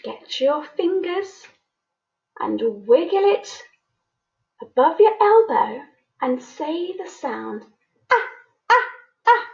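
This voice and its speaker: A primary school teacher with a high, creaky, mellow voice leads a children's phonics lesson, very animated and sing-song. She speaks slowly, coaxing the young learners to repeat sounds with her, and the recording is muffled.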